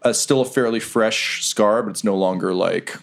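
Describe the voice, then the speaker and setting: A man's voice: fairly low pitch, moderate pace, creaky. A man narrating a tabletop role-playing game as game master, telling the story loosely with many fillers. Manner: relaxed, filler-heavy storytelling.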